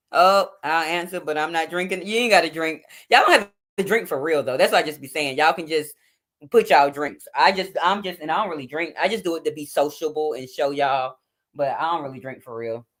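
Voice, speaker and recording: At home at night, a livestream host in her forties chats casually with her viewers, addressing them directly. She has a deep, fairly bright voice and talks a little fast into a phone or webcam.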